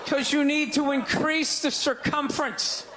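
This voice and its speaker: A man doing stand-up comedy, ranting loudly and incredulously, shouting his punchlines to an audience on stage with a handheld mic. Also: very high voice, fairly even intonation, a little slow. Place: large comedy venue on stage. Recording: live show with crowd laughter and noise. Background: audience laughing and groaning.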